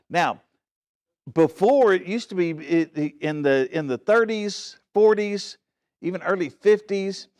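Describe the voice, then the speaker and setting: A man with a slightly raised voice teaching a Bible study from the front of a church. He talks earnestly and stresses his points, often checking that his listeners are following. He restarts phrases and corrects himself along the way. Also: on the high side. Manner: frequent restarts and self-corrections.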